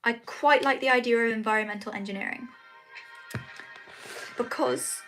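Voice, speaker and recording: A woman's voice: fairly high pitch, moderate pace, fairly bright tone, faint music behind, rough recording. A British woman chatting casually on a live stream, reading out viewer comments and answering them in a chatty, apologetic way. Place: home, at night.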